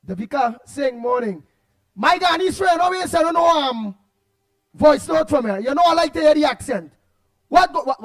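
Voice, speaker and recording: A man with a Trinidadian accent hosting a radio show, chatting casually and reading out listener comments with laughs and repeated words. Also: extremely high pitch.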